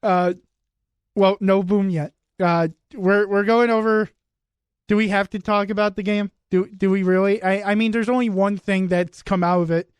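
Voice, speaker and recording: A man's voice: high-pitched, steady tone, normal speed, clean tone, dry recording, studio quality. A young man hosting a radio sports show, teasing his co-hosts in casual banter. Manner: teasing, wry, lots of restarts. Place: radio studio.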